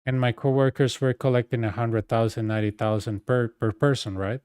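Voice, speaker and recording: Mellow-voiced man. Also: medium pitch, fairly even intonation, brisk, clear, resonant tone, dry recording, studio quality. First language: Spanish. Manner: rambling, full of fillers and asides. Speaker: game streamer. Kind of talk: casual storytelling chat.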